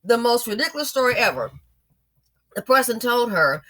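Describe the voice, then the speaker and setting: A woman's voice: on the high side, very animated, moderate pace, long pauses, fairly bright tone, no echo, studio quality. Emphatic, preachy woman vlogger. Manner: emphatic, preachy, talks straight to viewers. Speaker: vlogger, business owner. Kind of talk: commentary vlog, advice to viewers.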